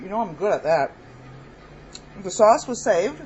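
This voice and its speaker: A woman's voice: mid-range voice, animated, normal speed, long pauses, lo-fi sound, slight background noise. A woman hosting a home cooking video, chatting casually and laughing at her own kitchen mistakes. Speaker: cooking vlog host.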